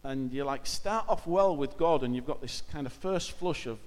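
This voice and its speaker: A man's voice: fairly high pitch, sing-song, normal speed, few pauses, long reverb tail. A man giving an informal church talk, speaking conversationally and hesitantly with many fillers.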